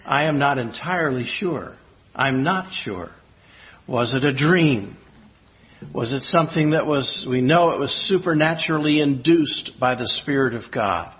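Pastor man, reflective halting storyteller. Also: medium pitch, animated. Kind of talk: sermon with personal storytelling. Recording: slightly dull lo-fi recording.

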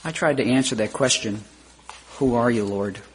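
A man preaching a sermon, slow and measured, with rising emphatic questions, often clearing his throat. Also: medium pitch, a little hiss or hum.

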